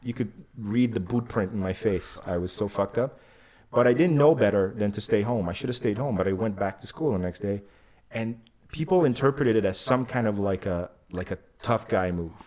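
A man telling a story in casual chat, animated, swearing a lot and acting out the people in it. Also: on the low side, normal speed. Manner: animated, swears a lot, acts out the voices in his stories. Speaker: podcast guest.

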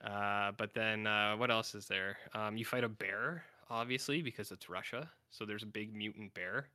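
Man, podcast co-host, from Canada, rambling, filler-heavy, lowish voice, dry close sound. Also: normal speed, sharp tone, smooth, no room sound. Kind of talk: casual chat.

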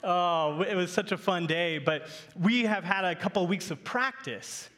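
Man, pastor, thirties, high light voice, playful storytelling sermon. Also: unhurried, a bit bright. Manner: storytelling, chatty and playful with the congregation.

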